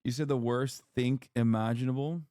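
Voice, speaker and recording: A man's voice: mid-range voice, fairly even intonation, normal speed, dark tone, dry recording. Male streamer, blunt, swearing, joking, dry close sound. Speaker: streamer reacting to clips. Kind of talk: casual commentary.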